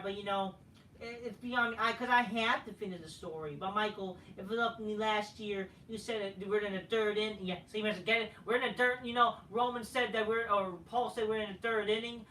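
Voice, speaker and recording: A man's voice: very high voice, moderate pace, bright, forceful tone, a little hiss or hum. A man hosting a wrestling review show, ranting profanely and rambling with lots of fillers, recorded in an echoey room from a distant mic. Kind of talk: profane casual rant.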